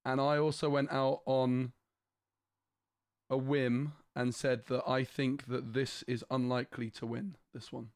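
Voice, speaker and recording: A man's voice: medium pitch, level tone, unhurried, a little mellow, no room sound, studio quality. A man hosting a casual card-game watch-party stream, slightly losing his voice, explaining player lineups. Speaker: stream host. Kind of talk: casual livestream chat.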